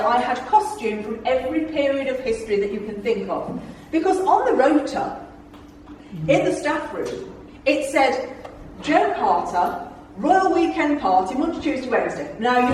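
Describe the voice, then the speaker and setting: A woman in her fifties tells humorous stories to a live club audience, bantering with listeners and laughing between lines. Her voice sits a little high. The recording is distant, with heavy room echo. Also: sing-song, moderate pace, a little mellow, a little hiss or hum. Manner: chatty and jokey, laughing often and bantering with the audience. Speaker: guest speaker at a club. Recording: echoey room from far off.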